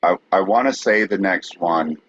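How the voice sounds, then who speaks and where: A man co-hosting a podcast, joking playfully in a deadpan way. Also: low-pitched, normal speed, dull audio, background noise. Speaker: podcast co-host. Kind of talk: casual banter.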